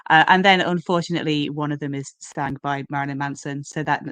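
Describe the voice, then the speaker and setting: A woman's voice: sits low, steady tone, fairly quick, fairly bright tone, clean tone, no echo. A woman co-hosting a podcast, chatty and informative with lots of fillers. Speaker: podcast co-host. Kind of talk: casual podcast chat.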